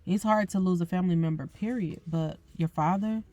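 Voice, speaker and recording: Woman, young adult, podcast host, tearful, halting, mellow, lowish pitch. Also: no echo. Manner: tearful, soft-spoken, halting with fillers. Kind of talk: emotional personal reflection.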